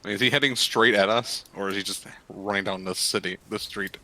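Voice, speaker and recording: A man's voice: fairly low pitch, steady tone, fairly quick, sharp tone. A man playing in a tabletop game, tossing in dry, offhand remarks. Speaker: player. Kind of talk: casual tabletop game chat.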